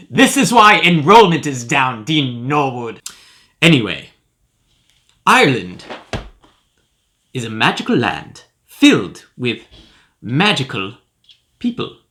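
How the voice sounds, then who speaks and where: A man's voice: a little high, pushed and bright, full character voice. A man playing a pompous, self-important professor who hosts a comedic cereal review. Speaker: host. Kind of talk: comedic character monologue.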